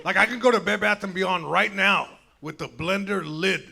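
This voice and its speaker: A man's voice: high-pitched, normal speed, gravelly, very noisy. A young man doing a stand-up comedy set, telling a story casually and acting out both sides of the dialogue. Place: comedy show venue with live audience. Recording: loud crowd laughter.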